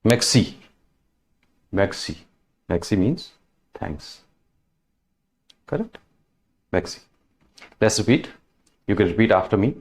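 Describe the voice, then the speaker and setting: A man teaching French greetings, slowly saying each word twice and explaining it in plain, patient English. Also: fairly low pitch, expressive. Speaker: language teacher. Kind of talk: French lesson, repeating words.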